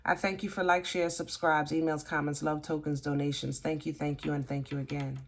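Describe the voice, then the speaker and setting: A woman giving a casual tarot reading, halting and gently reassuring, often restarting her sentences. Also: deep voice, little pitch movement. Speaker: tarot reader.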